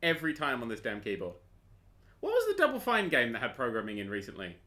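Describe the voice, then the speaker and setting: A man's voice: medium pitch, wildly swooping pitch, fast talker, bright, forceful tone. A man hosting a podcast in casual chat, rambling and swearing freely. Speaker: podcast host. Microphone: desk mic, clicky keyboard nearby.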